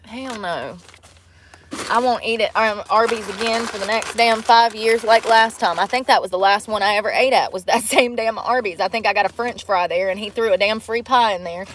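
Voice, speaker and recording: A woman chatting casually on a livestream, blunt and salty, with frequent swearing and easy laughter. She talks straight to her viewers in an everyday mid-pitched voice. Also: normal speed, fairly bright tone, a little hiss or hum. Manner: blunt, swearing, laughs often, answers chat. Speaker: livestream host. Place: in a vehicle.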